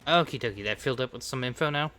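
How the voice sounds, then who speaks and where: Bright-voiced man running the game. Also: mid-range voice, racing, clean tone, soft background music. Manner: patient, walks players through software steps. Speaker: game master. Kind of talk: running a tabletop game over voice chat.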